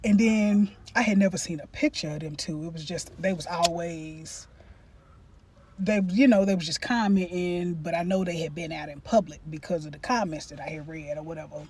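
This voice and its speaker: A woman vlogger telling a casual storytime while eating on camera, in an animated, profane and slangy way, breaking into loud cackles. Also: fairly low pitch, moderate pace.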